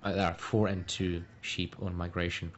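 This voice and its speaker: A man giving measured, explanatory play-by-play on a strategy game match. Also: sits low, level tone. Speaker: game caster. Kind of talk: casual esports commentary. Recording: lo-fi stream audio with faint noise.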